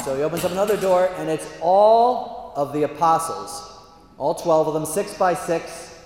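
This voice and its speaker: A man telling a long, animated joke to an audience, slowing down for the punchlines. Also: a little high, slight background noise. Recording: echoey hall, faint ambience.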